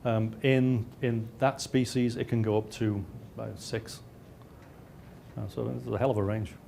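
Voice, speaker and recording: A man's voice: fairly low pitch, level tone, unhurried, vocal fry, mellow, a little hiss or hum. A male researcher giving a slide lecture, with frequent restarts and dry, self-mocking asides.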